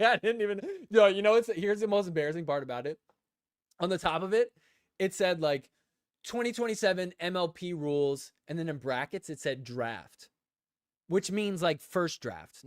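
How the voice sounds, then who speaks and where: A man hosting a casual podcast live stream, telling a rambling story and acting out both sides of the conversation, breaking into loud laughter. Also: a little high, dry recording, studio quality. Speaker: podcast host.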